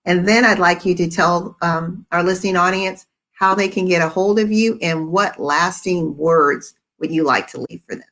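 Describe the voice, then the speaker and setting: Woman interview host, slightly low voice, affirming and supportive. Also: normal speed, few pauses, fairly bright tone. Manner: encouraging, affirming. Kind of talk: casual interview conversation.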